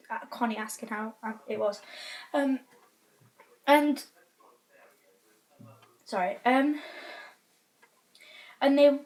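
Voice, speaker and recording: Vlogger, fairly high voice, excitable and rambling. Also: female voice. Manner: rambling, excitable, many restarts. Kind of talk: casual vlog storytelling.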